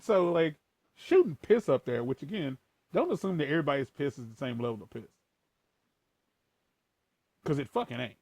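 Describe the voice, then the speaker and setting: A man talking casually and rambling with lots of profanity, shifting between a playful voice and a lower, more formal one. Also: very animated, normal speed, pauses often, darkish tone, husky, dry recording. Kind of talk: casual chat.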